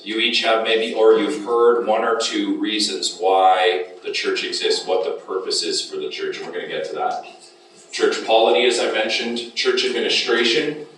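In an echoey room recorded from a distance, a man with a lowish, fairly bright voice lectures a Bible class and keeps putting questions to his students. A little hiss or hum runs under the audio.

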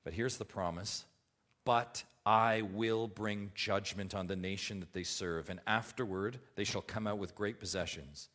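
A man's voice: lowish voice, steady tone, unhurried, fairly bright tone. Emphatic male preacher reading scripture. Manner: emphatic, rises and drops in volume, asks the listeners questions. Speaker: pastor. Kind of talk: expository sermon.

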